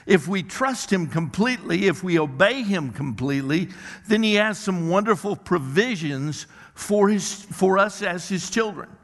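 A male pastor delivers a sermon in a church worship center, his voice slightly higher than most men's. He is emphatic and slows down to lean on the words that matter. His voice rings out with a long hall reverb. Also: sharp tone.

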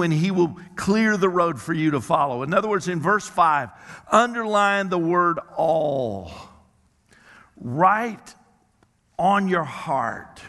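A male pastor preaching a sermon in a church, emphatic and slowing down to stress key words. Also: fairly high pitch, lively intonation, a bit bright. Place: church worship center. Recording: long hall reverb.

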